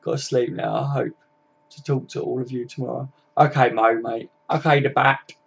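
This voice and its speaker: Tired, gravelly lad on a stream. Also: male voice, mid-range voice, steady tone, moderate pace. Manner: chatty, matey, swears freely. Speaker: football fan streamer. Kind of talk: casual live-stream chat.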